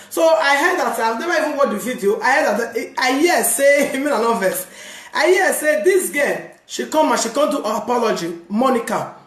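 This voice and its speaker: A woman's voice: fairly high pitch, reverberant. A woman with a Nigerian Pidgin accent, a mother of three, talking to her viewers about forgiveness and often asking "you understand?". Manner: animated, repeats "you understand?", laughs often. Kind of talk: casual talk to camera on forgiveness.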